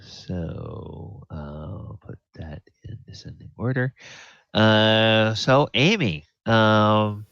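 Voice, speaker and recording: A man with a very deep voice runs a tabletop game as game master, talking slowly and thinking aloud with plenty of fillers. He sounds close and dry, with no room around him. The audio is dull and lo-fi. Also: gravelly, a bit bright, no room sound.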